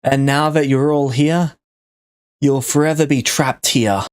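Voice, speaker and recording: A man's voice: mid-range voice, fairly even intonation, measured pace, clean tone, no echo, studio quality, voice pushed up, lightly acted. A man voicing a grandiose male villain clone, making pompous, dramatic declarations that ignore questions, over a voice call mic. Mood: menacing.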